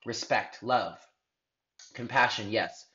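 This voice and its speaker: A man's voice: on the low side, slow pace, sharp tone, muffled recording. A man giving a spiritual tarot reading in an earnest, heartfelt way, rambling with restarts. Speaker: tarot reader.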